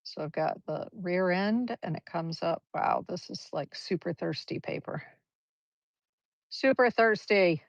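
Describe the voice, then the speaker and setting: This is a woman giving a live painting lesson, her low voice carrying a gravelly edge. She chats and encourages as she explains every stroke. The livestream audio sounds dull and lo-fi, dry with no room echo. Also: a little slow, hardly any pauses. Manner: chatty, encouraging, talks through each brushstroke. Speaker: art teacher.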